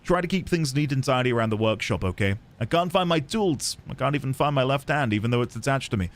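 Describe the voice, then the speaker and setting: A man voicing a gruff older workshop boss in a put-on accent, grumbling about mess and sauna nights. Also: medium pitch, expressive, quick pace, lightly acted.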